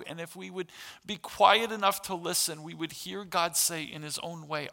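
A man's voice: a little high, normal speed, creaky, pushed and bright. A middle-aged man preaching a sermon as pastor, earnest and building to impassioned emphasis. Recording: long hall reverb.

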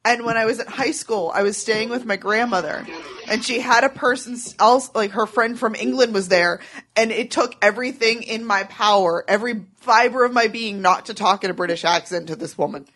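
Woman, podcast co-host, slightly high, chatty storyteller who laughs a lot. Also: a little fast, fairly bright tone. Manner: chatty, laughs often while telling stories. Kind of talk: casual chat.

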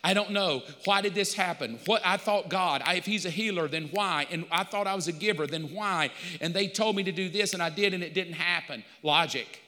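A middle-aged pastor preaching a sermon, telling a personal story with animated back-and-forth dialogue. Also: male voice, high-pitched, brisk, hardly any pauses. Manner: animated storytelling, acting out both sides. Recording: long church reverb.

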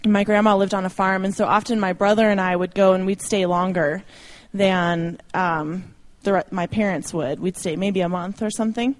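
A woman's voice: medium pitch, steady tone, normal speed. A young adult woman speaking informally to a church audience about ministry, chatty and self-deprecating, with light laughs. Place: church meeting room.

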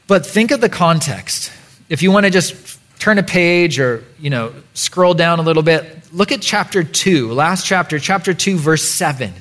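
A man delivers a sermon in a church with a casual, joking manner. His voice sits a little high for a man, and he talks to the congregation as if chatting with friends. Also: lively intonation, moderate pace, fairly bright tone. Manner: conversational and playful, with mock voices. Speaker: pastor.

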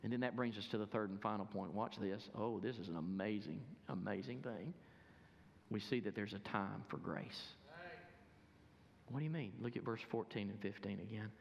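A man preaching a sermon as a pastor, emphatic and urging, dropping to a hush for prayer. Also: lowish voice, normal speed, creaky, in a large hall, highs cut off, a little hiss or hum. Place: church sanctuary.

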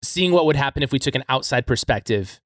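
A man in casual podcast conversation, thinking aloud with halting restarts and "like" fillers. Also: mid-range voice, lively intonation, a bit bright, no echo, clean studio sound. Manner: thoughtful, halting, many "like" fillers.

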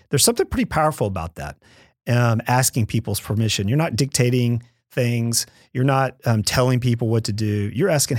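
A man on a podcast calmly explaining leadership steps in a conversational way. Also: medium pitch, no room sound, studio quality. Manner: measured, explains step by step with acted-out quotes.

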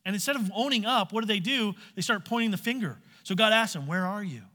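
Male pastor, sermon delivery, bright tone, reverberant hall. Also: high-pitched, quick pace. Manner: acts out quoted voices, direct questions to listeners.

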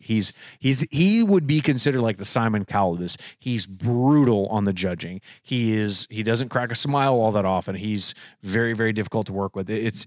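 A man's voice: fairly low pitch, no echo, studio quality. A man co-hosting a podcast, chatting casually and laughing as he explains at length. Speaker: podcast co-host. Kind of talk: casual chat.

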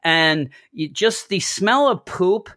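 A man's voice: high voice, expressive, slow, pushed and bright. A middle-aged man co-hosting a podcast in casual chat, telling long rambling stories and chuckling as he goes. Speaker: podcast co-host.

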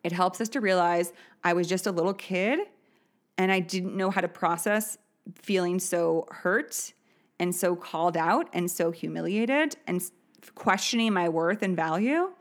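A woman in her thirties hosting a podcast, telling a personal story in a candid, chatty way, laughing now and then. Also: fairly low pitch. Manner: chatty, candid, often laughing, many fillers. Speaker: podcast host.

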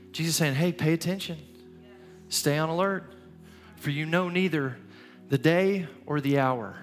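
A man preaching as a pastor in a church, earnest and urging, often repeating his phrases. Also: on the high side. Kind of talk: sermon. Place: church sanctuary. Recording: long hall reverb, soft music.

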